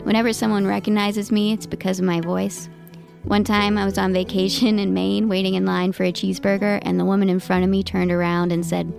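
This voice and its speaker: A woman hosts a podcast in a low, flat monotone. Her delivery is dry and self-deprecating. A gravelly fry runs through her voice. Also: a little fast, over music. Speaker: podcast host. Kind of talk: scripted podcast introduction.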